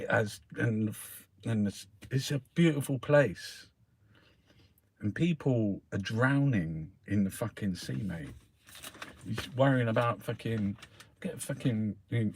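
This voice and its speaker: A man's voice: lowish voice, expressive, slow pace, creaky, breathy edge, no echo. A man from South London with a Cockney accent, rambling in a casual monologue, swearing constantly and calling the listener mate. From South London, England. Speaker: host reviewing the newspapers.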